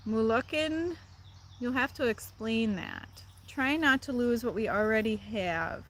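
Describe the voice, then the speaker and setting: Unhurried and a bit bright, a slightly high female voice carries a Midwestern accent. The Midwestern woman hosts a casual livestream chat, responding to viewer comments and often laughing, with a little hiss or hum audible.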